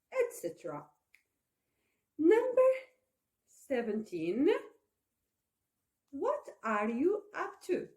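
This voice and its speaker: A young woman teaching an English lesson, explaining slowly and patiently and often checking in with "okay?". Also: medium pitch, dark tone. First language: Arabic.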